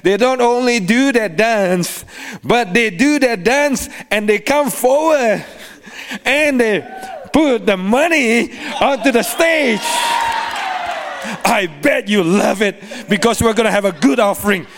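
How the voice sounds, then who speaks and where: A man preaching a sermon as a guest preacher, animated, with sing-song cadences and frequent laughter. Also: very high-pitched, slow pace, crowd noise, background noise.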